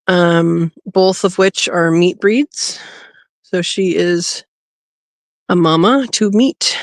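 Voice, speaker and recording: The homesteading livestream host here is a woman with a medium-pitched voice, captured dry and clean like a studio, though recorded on a phone. By a rabbit hutch outside, she chats casually, coos at her rabbit and laughs frequently.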